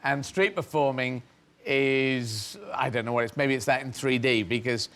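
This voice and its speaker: A middle-aged English comedian appears as an interview guest, telling rambling, self-mocking anecdotes and laughing mid-sentence. His voice is medium-pitched and a bit bright, at normal speed.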